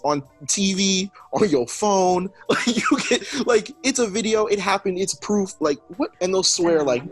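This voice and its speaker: A young man in casual chat, ranting with expressive, exasperated slang. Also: high voice, unhurried, few pauses, slightly rough, soft background music.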